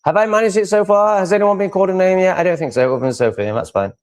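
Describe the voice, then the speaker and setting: A man's voice: high-pitched, very fast. Rambling man hosting a live stream. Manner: rambling and opinionated, with many fillers and restarts. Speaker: livestream host. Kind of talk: casual live-stream chat, reading out viewer comments.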